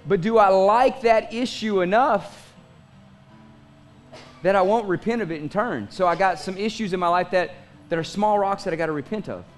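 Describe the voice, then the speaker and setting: A man's voice: sits high, normal speed, faint music behind. A pastor in his forties preaching a sermon in a conversational style, asking the congregation questions and making asides. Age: 40s.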